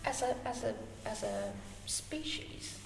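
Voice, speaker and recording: A woman's voice: fairly high pitch, huge pitch swings, slow pace, creaky. A woman, a podcast guest, speaking earnestly and thoughtfully in casual chat. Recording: distant mic in an echoey room with noise.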